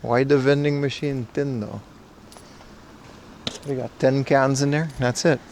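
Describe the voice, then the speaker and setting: A man's voice: medium pitch, steady tone, a little slow, a little mellow, slight background noise. Joking man streaming from the street. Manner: joking, answers chat questions aloud. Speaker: livestream host. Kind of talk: casual IRL livestream chat. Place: outdoors on city streets.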